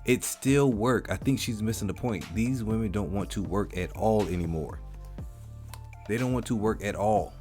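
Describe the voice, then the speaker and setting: A man's voice: fairly low pitch, normal speed, warm tone, faint music behind. A man reacting to video clips with mocking, emphatic commentary, often repeating his points. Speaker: commentary host.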